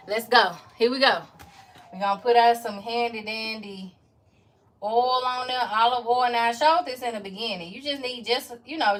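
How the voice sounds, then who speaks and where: A woman, chatting casually to her viewers while she cooks in her home kitchen, folksy and quick to laugh. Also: mid-range voice, pushed and bright, slight background noise. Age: 30s. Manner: chatty, folksy, laughs often, Southern country slang. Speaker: cooking vlogger. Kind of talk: casual cooking chat to viewers.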